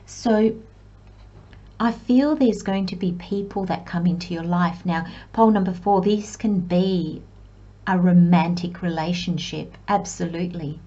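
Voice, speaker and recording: Speaking to viewers as piles in a pick-a-card tarot reading, a woman with a voice on the low side offers reflective, gentle encouragement and pokes fun at herself. The sound is lo-fi.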